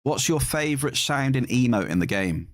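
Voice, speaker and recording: A man's voice: mid-range voice, animated, normal speed, no echo, studio quality. A man giving live game stream commentary, teasing his chat in a playful, bantering way.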